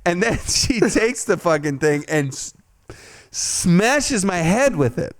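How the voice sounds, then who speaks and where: A male podcast host telling a rambling story in casual chat. His voice is fairly high and swings widely in pitch as he acts out his own lines loudly. The sound is dry and close, with no room around it. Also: takes it slowly, no room sound. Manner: animated, profane, jumps to a loud high voice when quoting himself.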